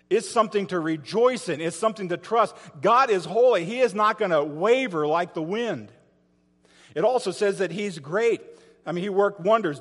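A man's voice: sits high, fairly bright tone, long reverb tail. A man preaching a sermon as pastor, telling a story dramatically and asking his listeners rhetorical questions.

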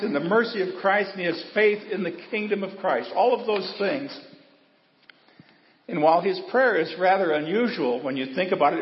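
Pastor preaching in an echoey church. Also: male voice, on the high side. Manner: earnest preaching with folksy asides. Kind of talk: sermon. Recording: dull, echoey church with long reverb.

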